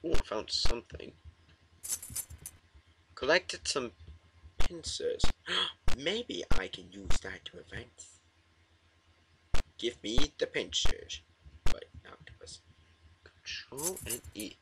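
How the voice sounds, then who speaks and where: A man's voice: medium pitch, big pitch swings, slow, long pauses, noisy background. A man playing a horror game and commenting, jumpy and swearing, talking back to the game at a desk mic. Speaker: gamer.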